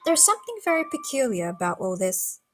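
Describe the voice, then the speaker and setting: A woman's voice: on the high side, very animated, brisk, soft background music, voice pushed up, low-quality recording. A woman reading aloud and voicing a prim, decided older spinster.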